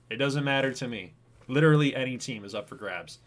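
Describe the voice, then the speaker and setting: A man's voice: mid-range voice, a little fast. A man casually hosting a baseball video game franchise livestream, chatting with viewers by name. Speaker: host of a franchise stream.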